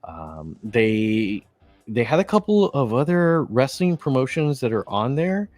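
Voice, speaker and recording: A Texan man co-hosting a laid-back podcast chat in a mid-range voice. He rambles, trips over restarts and fills pauses with "uh" and "um". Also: mid-range voice, big pitch swings, a little mellow, no room sound. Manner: rambling, with many fillers and restarts. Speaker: co-host.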